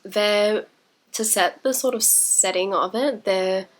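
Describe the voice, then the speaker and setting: A woman's voice: medium pitch, slow pace. Congested young woman vlogging hesitantly. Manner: hesitant, many fillers, self-conscious. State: congested from illness. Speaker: indie author and book vlogger. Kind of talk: casual book vlog.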